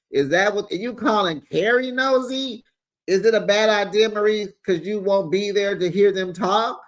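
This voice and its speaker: A man recaps reality TV in a sassy, chatty way, talking right to his audience. His voice sits a little higher than most men's. He sounds animated and playful as he shares the gossip. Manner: sassy, animated, talks straight to viewers.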